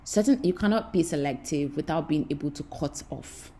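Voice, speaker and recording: Her voice is deep and dark, at a moderate pace, as she gives a spiritual talk to camera in the role of a teacher. She speaks with passion and repetition in a preacherly style, talking straight to her listeners.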